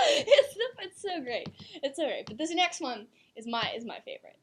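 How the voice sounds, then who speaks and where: A woman's voice: high-pitched, very animated, moderate pace. A young woman co-hosting a student talk show in a giggly, gushing casual chat, peppering her talk with "like.". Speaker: co-host.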